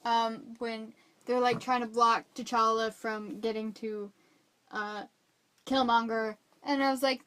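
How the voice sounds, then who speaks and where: A woman co-hosting a casual movie review chat, excitable and jokey, acting out moments from her notes. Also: fairly high pitch, measured pace.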